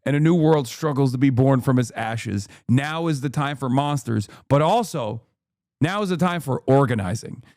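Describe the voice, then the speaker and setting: An American man doing live political commentary on a stream, talking fast, sarcastically and with heavy swearing. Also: mid-range voice, a little mellow, dry recording, clean studio sound. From United States. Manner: sarcastic, fast, profane ranting.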